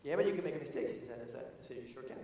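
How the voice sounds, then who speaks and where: A man giving an energetic motivational conference talk. He repeats his key phrases and asks the audience questions. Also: mid-range voice, racing, gravelly. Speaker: keynote speaker. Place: large conference hall. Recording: echoey hall from far off.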